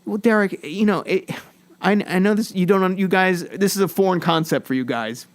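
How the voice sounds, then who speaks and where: A man's voice: high-pitched, moderate pace. A man co-hosting a podcast, a father who jokes and teases his friends in casual banter. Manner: joking, teasing, lively banter. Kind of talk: casual chat.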